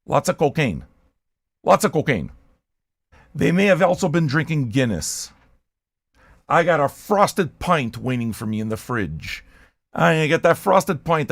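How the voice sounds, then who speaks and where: Man hosting a record-listening show, loud and shouty, abrasive rant, swearing, fairly high voice, dry close sound. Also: no room sound. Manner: profane, excitable. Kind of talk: loud ranting livestream chat.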